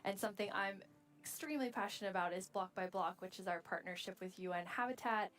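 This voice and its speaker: A woman's voice: medium pitch, fast talker, a bit bright. A woman hosting a live event, presenting in an upbeat, enthusiastic way. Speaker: event host.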